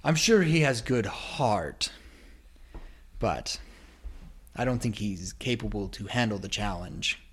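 A haughty middle-aged council member, slow and condescending, as a game master puts him on. The voice sits at a middle pitch and stays close to the man's own. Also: natural voice. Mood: disdainful.

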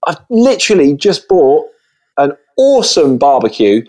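A man's voice: on the high side, big pitch swings, normal speed, darkish tone. A man telling casual stories as a podcast guest, rambling through many false starts, recorded on a phone.

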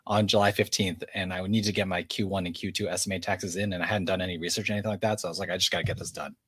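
A man's voice: sits low, steady tone, racing, fairly bright tone, breathy edge, no echo. A man co-hosting a podcast, chatting casually with dry, self-mocking humor. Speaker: podcast co-host.

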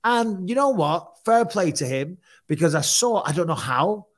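A man's voice: high voice, normal speed. A man, co-hosting a podcast and telling a story in casual chat, swearing often and acting out other people's lines. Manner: swearing, animated retelling with quoted voices. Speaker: podcast co-host.

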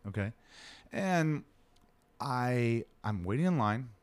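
A man's voice: medium pitch, takes it slowly, clear, resonant tone, no echo. A man telling a story in casual chat, swearing freely and acting out the other people in it. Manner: animated, swearing, acts out other people's lines.

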